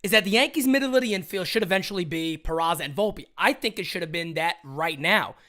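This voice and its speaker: Animated high-voiced male sports streamer. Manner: hyped, rapid shout-outs, frequent restarts. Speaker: livestream host. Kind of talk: energetic fan livestream talk.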